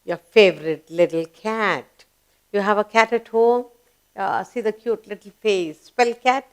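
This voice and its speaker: This teacher's voice is clean, medium in pitch, and a little slow. Leading young children through grammar, she asks questions and supplies the answers, spelling words letter by letter with coaxing emphasis.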